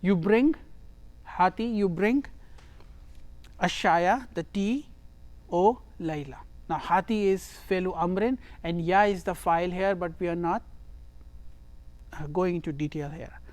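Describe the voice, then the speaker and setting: Slow, deliberate grammar teacher. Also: mid-range voice, darkish tone, no echo. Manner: reads a phrase, then translates and explains it step by step; repeats words and phrases for emphasis. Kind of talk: Arabic grammar lesson.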